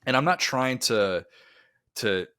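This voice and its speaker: A man's voice: medium pitch, expressive, takes it slowly, pushed and bright, smooth, dry recording, studio quality. A man co-hosting a sports podcast, chatting casually and wandering into long tangents. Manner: rambling, talks himself into tangents. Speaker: co-host.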